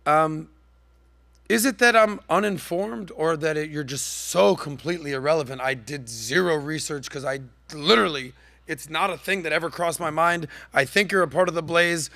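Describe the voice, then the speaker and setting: Bright-voiced sarcastic podcast host man. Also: moderate pace, creaky, dry recording. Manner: sarcastic, animated, jumps up in pitch for jabs. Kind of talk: mocking commentary.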